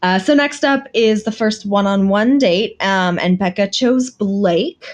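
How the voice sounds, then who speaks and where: A woman's voice: mid-range voice, measured pace. A woman co-hosting a podcast, casually recapping episodes with amusement. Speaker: podcast co-host. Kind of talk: casual chat.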